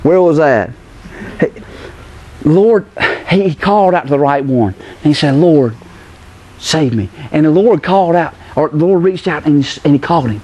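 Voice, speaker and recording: A middle-aged male pastor preaching with animated energy. His voice sits fairly high. He acts out the people he quotes with lively jumps in pitch. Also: a little fast. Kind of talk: sermon.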